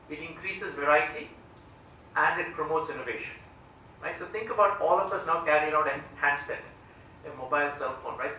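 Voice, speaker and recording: Guy lecturing, bright sharp voice, checks in with the crowd a lot, booming hall from far off. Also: a little hiss or hum. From India. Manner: explanatory, often checks in with "right?". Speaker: economics professor giving a lecture. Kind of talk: public lecture. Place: large lecture hall, standing before an audience.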